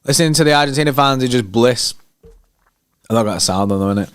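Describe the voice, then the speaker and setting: Excitable lad, smooth voice. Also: male voice, mid-range voice, quick pace, no echo. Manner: excitable, slangy, banter with chat. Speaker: fan channel host. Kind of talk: live match watchalong commentary.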